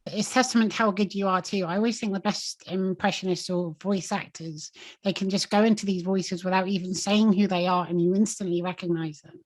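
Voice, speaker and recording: A woman's voice: mid-range voice, steady tone, a little fast, hardly any pauses. A woman hosting an interview, asking questions and admiring her guest. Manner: warm, admiring and complimentary. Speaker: interview host.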